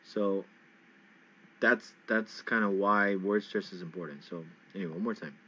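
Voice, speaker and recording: A man's voice: low-pitched, normal speed, pushed and bright, husky. A man teaching English pronunciation in a casual lesson, patiently repeating words for learners. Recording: dull lo-fi sound.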